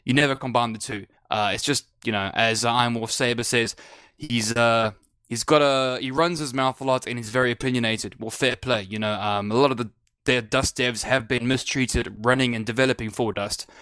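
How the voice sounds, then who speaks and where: A man's voice: medium pitch, fairly even intonation, normal speed, sharp tone, clean tone, dry recording. A man on a gaming podcast panel, talking in a loose, rambling way with lots of "um" fillers and slangy asides. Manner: rambling, many "um" fillers, colloquial. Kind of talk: casual podcast chat.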